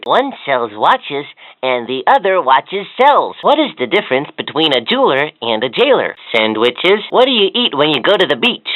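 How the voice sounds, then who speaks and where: A sing-song talking toy. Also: female voice, fairly low pitch, a bit bright, dry recording. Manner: sing-song, encouraging, giggly, joke-telling. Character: cheerful chatty talking learning toy. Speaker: voice of a children's educational toy. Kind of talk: scripted toy voice lines. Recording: tinny, dry toy speaker audio.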